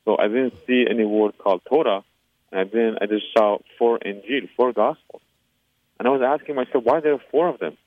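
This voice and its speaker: A man's voice: mid-range voice, a little fast, dry recording. A man from Iran, giving an earnest personal faith testimony in an interview, with frequent hesitations and fillers. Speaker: interview guest. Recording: tinny phone-line sound, dry.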